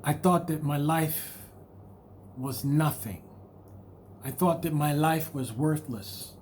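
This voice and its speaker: A man's voice: fairly high pitch, slow, darkish tone, a little hiss or hum. A man delivering a motivational monologue, hammering home repeated rhetorical questions and speaking candidly about his own struggles. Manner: repetitive, emphatic rhetorical questions. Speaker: motivational video host.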